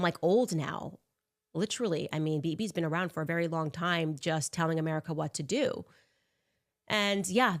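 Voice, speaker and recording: Sarcastic woman giving political commentary. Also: lowish voice. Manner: sarcastic, animated, mocks with put-on voices.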